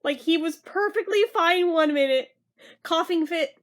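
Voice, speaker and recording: A young woman with a high voice talks through a film in a loose, chatty way. She is sarcastic, swears freely and bursts into mock-dramatic outrage. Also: a little slow. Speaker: movie reviewer. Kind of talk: casual movie review.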